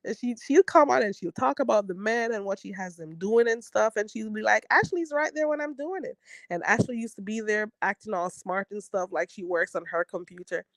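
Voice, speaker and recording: A woman's voice: medium pitch, brisk, few pauses, no room sound. A Jamaican woman hosting a livestream, chatting casually and reading viewer comments, laughing often and repeating phrases for emphasis. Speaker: livestream host.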